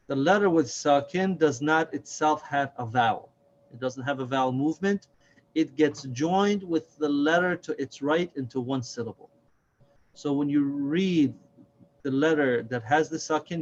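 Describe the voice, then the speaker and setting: A man teaching a Quran reading lesson, speaking slowly and deliberately, repeating and stretching sounds to demonstrate them. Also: a little high, lo-fi sound. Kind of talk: slow, patient recorded lesson.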